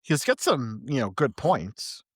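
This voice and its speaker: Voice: medium pitch, wildly swooping pitch, a little slow, breathy edge, dry recording, clean studio sound. A podcast co-host chatting casually about a film, chuckling and leaning on fillers. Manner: chuckling, loose, many fillers like "you know". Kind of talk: casual chat.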